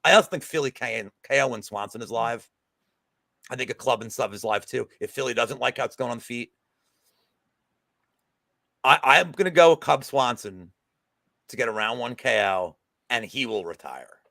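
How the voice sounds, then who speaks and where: A man co-hosting a betting podcast in casual chat, an animated, jokey storyteller who swears freely. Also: mid-range voice, normal speed, gravelly, long pauses, no echo.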